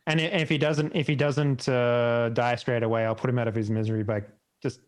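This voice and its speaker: A man's voice: mid-range voice, steady tone, fairly quick, smooth. A man playing a tabletop role-playing game, talking hesitantly with many restarts. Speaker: player.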